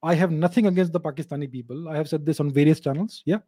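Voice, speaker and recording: A man's voice: fairly high pitch, quick pace, mellow, no room sound, clean studio sound. A man, hosting his channel and answering viewer questions in an emphatic monologue that often repeats and restarts phrases. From India.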